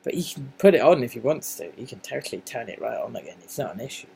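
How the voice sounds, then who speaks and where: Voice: medium pitch, big pitch swings, fast talker, gravelly, warm tone, a little hiss or hum, low-quality recording. An English-accented adult vlogger talking casually in a wandering monologue, full of restarts and asides. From England.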